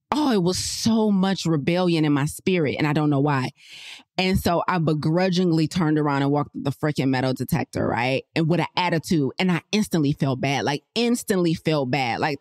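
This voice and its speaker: A woman hosting a podcast, chatting casually about health and telling animated personal stories straight to her listeners. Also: low-pitched, no room sound, clean studio sound. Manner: chatty, animated storyteller who laughs often; addresses listeners directly in slangy speech. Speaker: podcast host.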